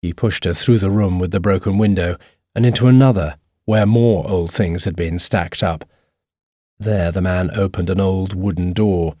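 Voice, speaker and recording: A man narrating a storybook in a steady, even reading voice. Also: deep voice, moderate pace, no echo, studio quality.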